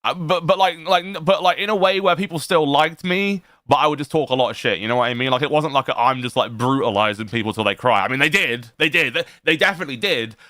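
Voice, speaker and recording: Bright, laughing streamer man. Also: fairly high pitch, fast talker, hardly any pauses, no echo, studio quality. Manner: laughing often, profane, rambling. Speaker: streamer reacting to a clip. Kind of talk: casual stream chat.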